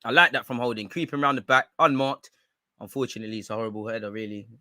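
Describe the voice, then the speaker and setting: A man hosting a live football watchalong, reacting excitedly, shouting at players and the referee and swearing now and then. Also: medium pitch, fast talker, no room sound, studio quality. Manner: talks while eating. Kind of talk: live match reaction commentary.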